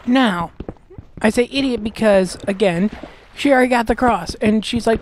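A woman's voice: fairly high pitch, moderate pace, a little hiss or hum. A woman hosting a Let's Play, ranting with exasperation and lots of swearing while she plays. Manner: profane, exasperated ranting with mocking voices. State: gassy, clearing throat. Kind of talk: ranting commentary over gameplay.

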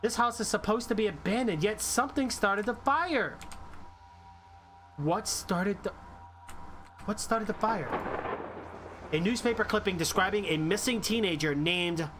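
A man streaming a horror game live, reacting excitably and reading on-screen text aloud. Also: high voice, a little slow, pauses often. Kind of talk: live horror gameplay commentary. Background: game music.

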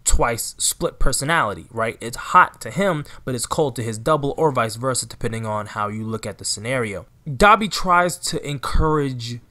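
This anime recap channel host speaks in casual commentary straight to his viewers, often checking in with "right?" and "you know." His medium-pitched voice is animated, pushed and bright, moving at a moderate pace with few pauses.

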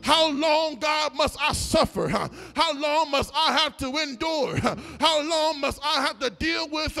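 High, bright-voiced preacher chanting in a church. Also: male voice, takes it slowly, creaky. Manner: chanted, sing-song preaching rising to shouts. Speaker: pastor. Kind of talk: sermon. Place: church sanctuary. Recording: church sanctuary reverb with organ.

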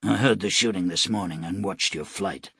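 A man reading aloud voices a hard-bitten frontier gunman who talks in a quiet, matter-of-fact, clipped way. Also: deep voice, moderate pace, breathy edge, no room sound, studio quality, full character voice.

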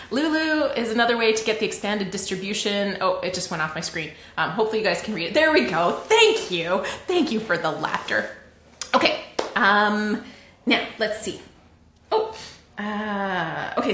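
Canadian woman, livestream host, chatty, animated, lots of laughter, roomy echo. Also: medium pitch, normal speed. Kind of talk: casual livestream teaching.

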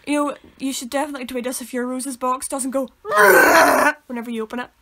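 Young woman, northern irish accent, casual podcast chat, rambling and self-correcting, fairly high voice. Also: flat delivery, rapid-fire, a crowd in the background. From Northern Ireland. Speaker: podcast co-host.

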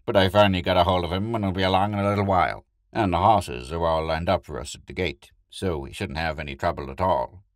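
A man voicing a loud, proud hunting guide. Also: low-pitched, fast talker, few pauses, no room sound, clean studio sound, lightly acted. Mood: eager.

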